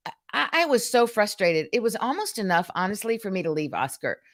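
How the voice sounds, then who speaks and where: A woman hosting a live stream, telling a frustrating story in a casual, animated, exasperated way. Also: medium pitch, fairly quick. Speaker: host.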